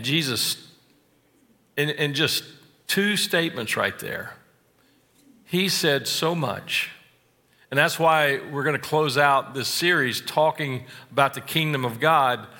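Man, pastor, sermon, slightly high voice, echoing hall. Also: animated, bright, forceful tone. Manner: slow, deliberate delivery with stressed phrases and asides.

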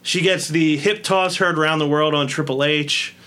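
A man co-hosting a casual talk podcast, chatty and quick to laugh. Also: on the high side, fairly even intonation, pushed and bright. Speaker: podcast co-host. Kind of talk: casual chat.

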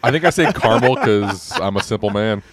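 Fast-talking man with a low voice. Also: lively intonation, crowd noise. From Canada. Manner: quick, self-correcting storyteller. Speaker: podcast co-host. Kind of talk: casual chat, taste-testing snacks.

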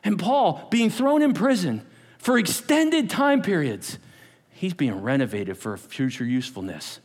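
A man preaching a sermon as pastor, animated, acting out quotes and dropping to whispers. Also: a little high, measured pace. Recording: long hall reverb.

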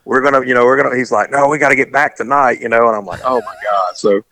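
A man's voice: mid-range voice, rapid-fire, gravelly, a little hiss or hum, poor audio. Man telling a rambling road-trip story. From US South. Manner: rambling, animated, acts out quoted voices. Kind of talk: casual storytelling.

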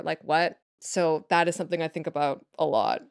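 Lowish-voiced woman, rambling podcast guest. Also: fairly even intonation, a little fast, few pauses, smooth, no room sound, clean studio sound. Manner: rambling, filler-heavy, thinks aloud. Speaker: podcast guest, writer for kids' TV. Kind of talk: casual interview chat.

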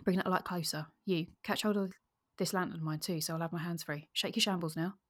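A woman's voice: on the low side, steady tone, brisk, lightly acted. A woman reading as a blunt Bow Street Runner. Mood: urgent. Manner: blunt, urgent exclamations. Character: excitable Bow Street Runner, adult man.

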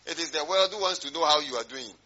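A man's voice: on the high side, fast talker, pushed and bright, highs cut off. A male pastor preaching a sermon, emphatic and rhetorical, drawing call-and-response from his congregation.

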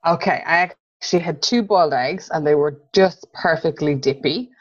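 A woman's voice: deep voice, normal speed, dry recording, dull audio. A woman guest on a podcast, talking in a friendly, rambling way. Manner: friendly, rambling, laughs easily. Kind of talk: casual interview chat.

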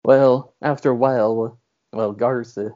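A man's voice: medium pitch, steady tone, measured pace, mellow, highs cut off. A man hosting a podcast, recapping a film in a rambling way with many fillers. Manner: rambling, filler-heavy, laughs often. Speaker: podcast host. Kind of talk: casual recap of a movie.

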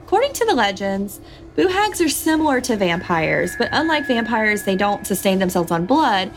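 A woman's voice: mid-range voice, moderate pace, background noise. A woman hosting a podcast, telling a folktale and chatting, laughing often. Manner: laughs often, animated storytelling. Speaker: podcast host. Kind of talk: storytelling a folktale and casual chat.

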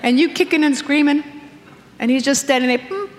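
A middle-aged woman pastor preaching a sermon, animated and acting out the voices she quotes. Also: high voice, a little fast, big-room sound, slight background noise.

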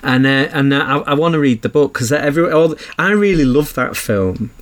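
A man's voice: fairly high pitch, a little fast. A man co-hosting a casual podcast chat, rambling and enthusiastic with frequent restarts. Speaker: podcast co-host.

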